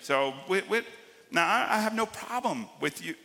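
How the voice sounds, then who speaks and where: A man preaching a sermon as pastor, swinging between loud emphatic lines and quiet drawn-out ones. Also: high-pitched, expressive, gravelly, in a large hall.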